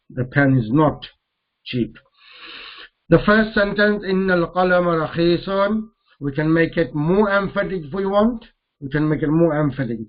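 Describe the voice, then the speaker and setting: A man teaching a grammar lesson, repeating each Arabic term slowly as he mixes it into English explanations. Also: on the high side, highs cut off.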